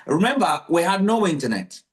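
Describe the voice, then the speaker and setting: A man hosting a podcast, telling stories in lively casual conversation and acting out the people he quotes. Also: sits high, a little fast. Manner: animated storyteller, acts out quotes.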